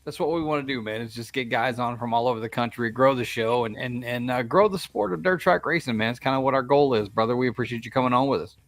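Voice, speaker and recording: A man's voice: medium pitch, fast, few pauses, no echo. Hearty man hosting a racing chat. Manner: loose and hearty, calls everyone man or brother. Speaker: podcast host. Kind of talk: casual chat.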